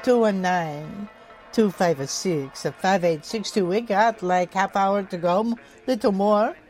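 A woman's voice: mid-range voice, slow, darkish tone, soft background music. A woman hosting a radio call-in show, chatting wryly with listeners. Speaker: radio host. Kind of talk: casual radio chat.

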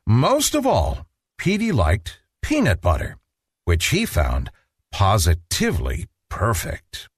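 A man reading a children's storybook aloud in an expressive, playful manner. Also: fairly low pitch, slow pace, husky, no room sound, studio quality. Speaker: narrator.

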